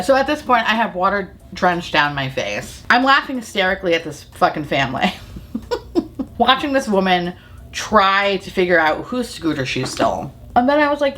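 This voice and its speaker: Casting: a young woman beauty vlogger, mid-pitch, swearing her way through a lively storytime. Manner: profane, animated storytelling. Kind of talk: get-ready-with-me storytime.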